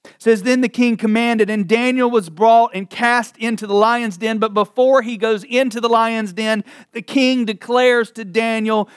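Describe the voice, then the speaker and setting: A man preaching a sermon, reading scripture slowly and dramatically, then retelling it with laughs and casual asides. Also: extremely high pitch, clear, resonant tone, dry recording, studio quality. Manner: animated storytelling with frequent laughs and asides.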